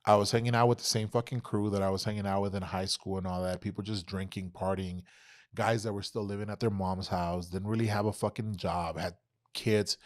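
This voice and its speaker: Young man, podcast guest, lowish voice, swears freely, acts out the quotes in his stories. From Texas. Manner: animated, profane storytelling, acts out quoted dialogue. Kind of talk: casual storytelling interview.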